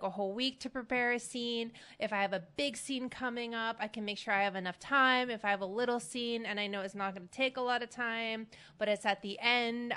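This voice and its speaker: A woman's voice: mid-range voice, fairly bright tone, smooth. A woman hosting an advice podcast, chatting in a casual, upbeat way with self-deprecating asides. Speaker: podcast host.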